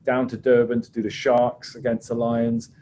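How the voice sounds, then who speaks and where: A man, a rugby referee, telling anecdotes in a chatty, halting way on a video call. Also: mid-range voice, monotone, dark tone, slight background noise. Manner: chatty, hesitant with many restarts. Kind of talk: anecdotal storytelling on a webinar.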